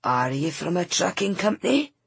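A woman voicing a gruff, heavy-set old man selling a van. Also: sits high, very animated, normal speed, no room sound, heavily acted.

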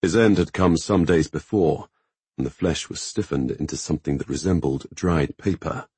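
A man narrating a fantasy audiobook in a steady, even reading. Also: very deep voice, moderate pace, husky, no echo.

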